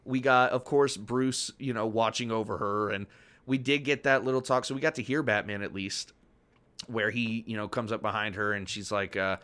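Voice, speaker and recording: Bright-voiced enthusiastic man on a podcast. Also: fairly low pitch, fairly even intonation, moderate pace. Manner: enthusiastic, swears freely, retells scenes. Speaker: podcast co-host. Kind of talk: casual podcast chat.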